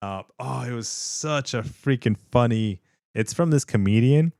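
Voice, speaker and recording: A man's voice: medium pitch, unhurried, gravelly, mellow, clean tone, no room sound, studio quality. A man from California hosting a casual livestream from his home setup, rambling with lots of fillers and restarts and laughing easily. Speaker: livestream host.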